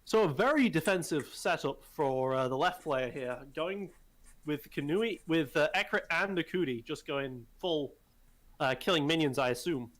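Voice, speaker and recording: A man co-commentating a live tournament match, calmly breaking down each team's strategy. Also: on the high side, normal speed. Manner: analytical, explains team strategy. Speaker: game co-commentator.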